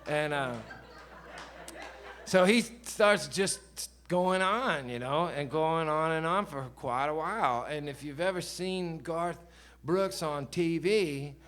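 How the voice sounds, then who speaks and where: A man's voice: fairly high pitch, slow pace, fairly bright tone. A man, telling a long rambling story between songs at a live show, loose and chatty with swearing. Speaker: singer-songwriter on stage. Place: live concert venue.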